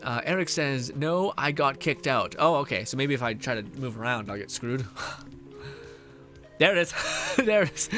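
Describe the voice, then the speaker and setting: A man's voice: medium pitch, animated, moderate pace, long pauses, pushed and bright, soft background music. A male streamer chatting casually and reading viewer messages aloud, tired and mentally drained, laughing often and swearing.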